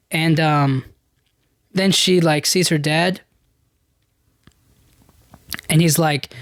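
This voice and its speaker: A man's voice: fairly high pitch, flat delivery, takes it slowly, fairly bright tone, no echo, studio quality. A young man hosting a podcast, retelling a film in loose casual chat, full of "like" and "you know". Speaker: podcast host.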